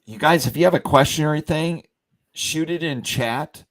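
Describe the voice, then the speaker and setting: A man hosting a company livestream, telling a rambling story full of fillers and restarts and acting out the quotes. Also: moderate pace. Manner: acts out quoted lines with big pitch jumps. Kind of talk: casual storytelling chat.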